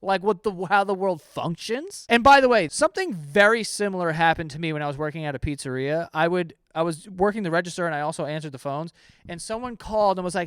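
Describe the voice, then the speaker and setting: A young man riffing in a loose, profane reaction rant, his raised voice smooth and clean. He swerves from muttered asides into sudden shouted disbelief. The sound is close and dry, with no room around it. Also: sits high, fast talker, no echo. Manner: animated, swears freely, swings into sudden loud outbursts. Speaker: comedy YouTuber reacting to stories. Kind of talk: casual reaction commentary.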